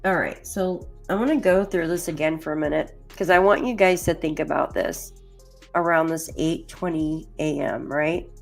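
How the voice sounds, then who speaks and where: A woman with a somewhat low-pitched voice hosts a casual true crime livestream. She rambles in a chatty way, filling her sentences with "like" and greeting viewers by name as she goes through case documents. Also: moderate pace, vocal fry, faint music behind. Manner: chatty and rambling, heavy use of "like"; addresses chat viewers by name.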